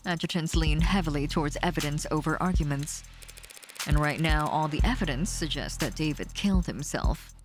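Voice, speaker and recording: A woman's voice: deep voice, natural voice. A woman voicing a confident female defense attorney in a story game, dry and explanatory.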